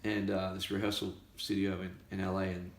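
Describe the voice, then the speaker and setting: A man's voice: sits low, little pitch movement, fairly quick. An Australian man, a musician, chatting casually and animatedly telling a story, acting out the voices of the people in it. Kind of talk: casual chat. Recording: echoey room.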